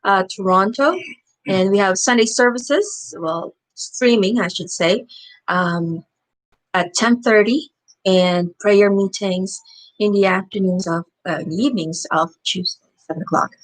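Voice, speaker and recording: A woman hosting a church painting session gives announcements in a hesitant way, with many pauses. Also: medium pitch, rough recording. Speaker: church art class host. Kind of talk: casual announcements.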